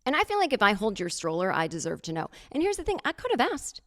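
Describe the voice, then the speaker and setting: A woman hosting a podcast, telling a comic story in a sarcastic, animated way and acting out other people's lines. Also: fairly high pitch, fast. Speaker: podcast host. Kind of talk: comedic storytelling monologue.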